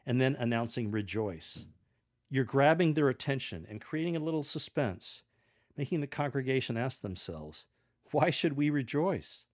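A man's voice: medium pitch, a little mellow. Earnest man coaching scripture readers. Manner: measured, earnest, with demonstrated readings. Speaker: lector coach. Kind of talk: instructional talk on reading scripture aloud.

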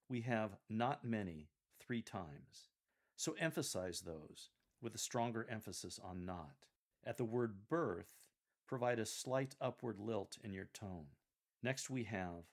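Calm, low-voiced man coaching scripture readers. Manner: calm, measured, explanatory. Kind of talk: instructional coaching on reading aloud.

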